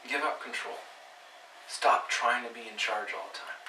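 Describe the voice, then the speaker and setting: A man's voice: medium pitch, moderate pace, pushed and bright, slight background noise. A man preaching a sermon in a church, earnest and pleading, building to emphatic repeated lines. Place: church hall. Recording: roomy church sound from a distant mic.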